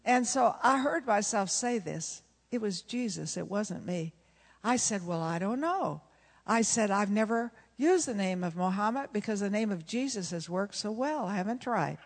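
A woman's voice: medium pitch, expressive, moderate pace. A woman, a pastor's wife, preaching a sermon and telling stories, acting out the dialogue and often laughing. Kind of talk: sermon with storytelling. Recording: long reverb of a large hall.

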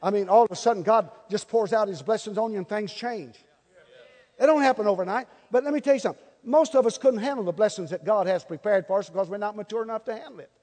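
A high-pitched man with a drawl preaches to a congregation in a folksy, animated way. He acts out small everyday scenes. His voice carries a long hall reverb. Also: fast. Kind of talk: sermon. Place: church hall before a congregation.

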